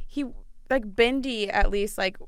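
A woman's voice: medium pitch, smooth, dry recording, clean studio sound. A woman on a podcast as a guest, chatting casually and gushing with lots of giggles. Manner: giggly, gushing, quick asides. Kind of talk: casual chat.

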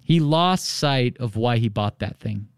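A man's voice: mid-range voice, measured pace, smooth, no echo. A man in a mid-range voice tells stories on his podcast in a loose, conversational way, leaning on "you know" as he goes. The recording is close and dry, with no room sound. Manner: animated storytelling, many "you know" fillers. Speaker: real estate podcast host. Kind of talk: casual solo podcast monologue.

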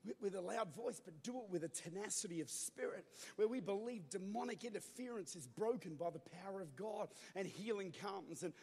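High-voiced preaching man in a hall. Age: 30s. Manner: preaching with loud bursts and call-and-response. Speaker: pastor. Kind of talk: Pentecostal sermon. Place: church auditorium. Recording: long echo of a large hall.

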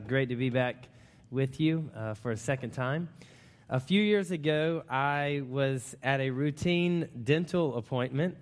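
A man preaching a sermon, telling a personal story in an animated storytelling manner. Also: medium pitch, big-room sound. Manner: storytelling, animated when excited.

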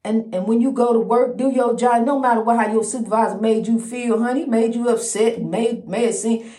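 A woman's voice: on the high side, fairly even intonation, brisk, dark tone. A middle-aged woman hosting her own podcast, talking casually about faith in a folksy, preachy way, calling the listener honey. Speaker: podcast host. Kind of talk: casual spiritual talk. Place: indoors at a lighthouse, roomy. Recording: roomy echo.

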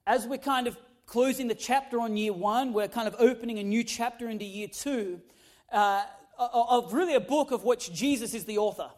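A young man, a pastor, telling a funny personal story in his sermon, animated and humorous with loud emphatic peaks. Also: extremely high pitch, moderate pace. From Australia.

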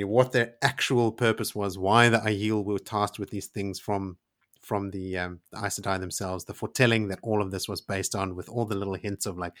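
Male podcast co-host, somewhat low pitch, eager and chatty while recapping a novel. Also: fairly bright tone. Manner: enthusiastic, retelling the story with emphatic asides. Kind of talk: casual book discussion.

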